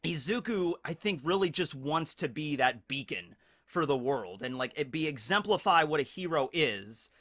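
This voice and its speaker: A man's voice: on the high side, animated, moderate pace, fairly bright tone. A man hosting a casual anime review, talking energetically and chuckling between his points.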